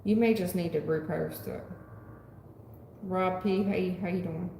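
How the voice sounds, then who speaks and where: A woman giving a live tarot reading, blunt and profane, talking back to her chat in an animated way. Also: fairly low pitch, a little slow. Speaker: tarot reader. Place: home room. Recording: echoey room with long reverb, faint noise.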